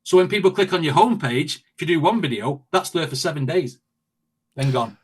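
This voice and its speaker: A man talks as an interview guest, recounting stories in an animated, chatty way and acting out his own thoughts in quotes. His voice sits a little higher than most men's. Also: fairly quick, slightly rough. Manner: animated storytelling with quoted asides and laughs. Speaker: guest, reaction video creator. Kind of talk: casual interview chat.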